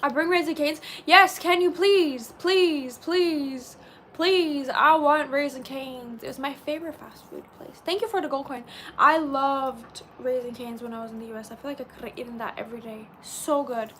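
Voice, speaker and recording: Bubbly high-voiced woman streaming live. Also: pushed and bright, a little hiss or hum. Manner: chatty and bubbly, says she talks very fast. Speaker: livestream host. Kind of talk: casual live-stream chat, reading comments.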